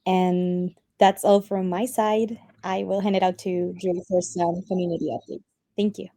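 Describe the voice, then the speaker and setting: A woman with a Spanish accent and Spanish as her first language, giving a community call update with frequent pauses and ums. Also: lowish voice, level tone, no echo. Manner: soft-spoken with frequent ums. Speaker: community team member.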